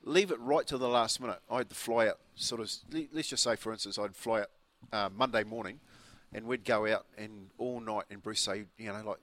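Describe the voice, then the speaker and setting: A man's voice: lowish voice, moderate pace, a bit bright. A New Zealand man in his fifties, a breakfast radio co-host telling a rambling story with restarts in casual chat. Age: 50s.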